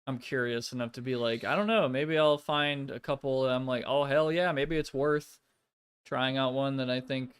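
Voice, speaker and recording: A man's voice: mid-range voice, steady tone, normal speed, smooth. A man hosting a casual gaming stream, rambling and swearing a lot with plenty of filler words. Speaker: streamer host.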